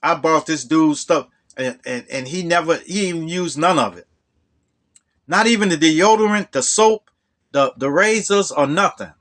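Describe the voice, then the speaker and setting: A man telling a true story from his own life in a loose, casual way. His voice sits fairly high for a man and leaps higher when he gets worked up. He repeats words as he talks. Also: normal speed, fairly bright tone.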